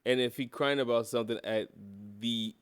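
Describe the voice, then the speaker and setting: A man with a mid-range voice co-hosts a casual chat show. He talks in a relaxed, conversational way and swears freely. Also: mid-range voice, normal speed, clear, resonant tone. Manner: laid-back, conversational with swearing. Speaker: co-host.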